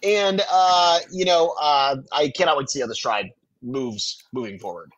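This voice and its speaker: A man co-hosting a podcast, chatting casually with lively stammering restarts. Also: on the high side, moderate pace, highs cut off. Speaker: podcast co-host. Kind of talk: casual recap chat.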